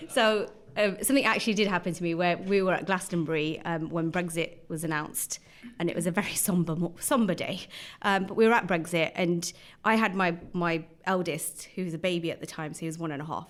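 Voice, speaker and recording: Podcast guest: chatty woman, 30s, lowish voice, laughs a lot. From Birmingham, England. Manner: laughs often, chatty anecdotes. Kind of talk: casual chat.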